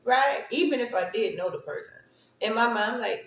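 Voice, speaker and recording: A woman's voice: fairly high pitch, moderate pace, roomy sound, a little hiss or hum. A woman hosting a livestream, talking casually and reflectively to her viewers and laughing often. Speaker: livestream host.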